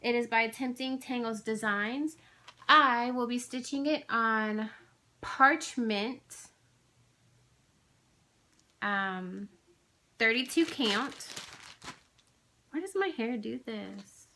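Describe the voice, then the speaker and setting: Chatty woman with a bright voice. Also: fairly high pitch, very slow, long pauses. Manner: rambling, chatty, lots of fillers. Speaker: flosstube vlogger. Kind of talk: casual chatty haul video.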